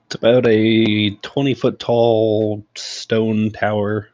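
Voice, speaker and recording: A man playing in a tabletop game, casual and wry with deadpan jokes. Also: fairly low pitch, slow pace, dull audio. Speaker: player. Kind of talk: casual tabletop role-play.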